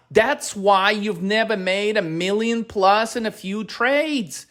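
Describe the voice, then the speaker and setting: A man's voice: sits high, slow pace. A man coaching options traders in a profane, aggressive motivational rant, blunt and swearing constantly as he gets more heated. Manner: grows louder and more heated.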